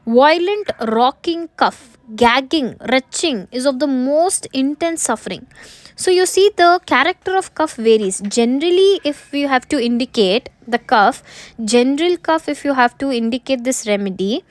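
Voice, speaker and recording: Lecturing on a medical remedy, a woman speaks in a high voice with lively intonation at a moderate pace. She repeats her points and asks herself questions before answering. The audio has no echo.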